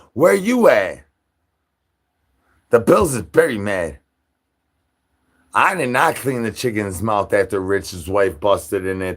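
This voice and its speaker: A man's voice: lowish voice, fairly bright tone. Goofy man rambling nonsense. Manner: goofy, nonsense wordplay and chants. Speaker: livestream host. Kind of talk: rambling livestream chat.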